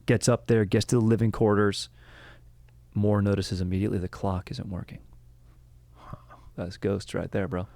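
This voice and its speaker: A man's voice: lowish voice, little pitch movement, normal speed, pauses often, mellow, dry recording. A young man hosting a history podcast, telling the story in a rambling, joking way and breaking off to correct himself. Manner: rambling, joking, self-interrupting. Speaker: podcast host. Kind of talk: casual history podcast chat.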